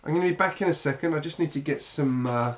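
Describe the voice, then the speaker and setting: A man's voice: on the high side, fast talker, lo-fi sound, loud music behind the voice. A man with a British accent, chatting casually to viewers on a live stream while building, rambling with many fillers and restarts. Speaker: LEGO channel host.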